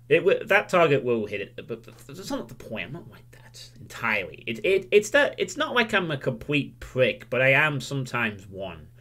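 A man's voice: medium pitch, huge pitch swings, moderate pace, sharp tone. A man livestreaming a candid, self-critical monologue; he swears freely and rambles, losing his train of thought at times.

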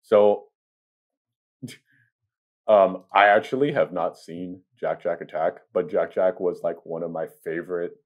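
A man's voice: deep voice, unhurried, pauses often, lo-fi sound. A young man in his twenties co-hosting a podcast, telling stories casually with lots of "like" and "um". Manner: rambling, filler-heavy storytelling. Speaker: podcast co-host. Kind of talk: casual chat.

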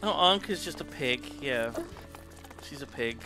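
A man in his thirties chatting on a live gaming stream, excitable and sweary with loud outbursts. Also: medium pitch, a little slow, over music. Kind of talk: casual live-stream chat.

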